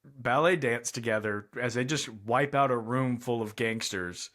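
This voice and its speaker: A man co-hosting a casual movie review chat, speaking in a thoughtful, hedging way with frequent pauses and fillers. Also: mid-range voice, a bit bright. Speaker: podcast co-host.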